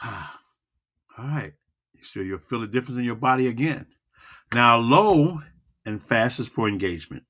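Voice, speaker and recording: An energetic man teaches public speaking in a video lesson, speaking directly to the viewer. His pitch rises and falls freely and his voice rings bright and forceful. He repeats phrases over and over to drive his points home. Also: unhurried, pauses often. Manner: energetic, repetitive, demonstrates vocal dynamics.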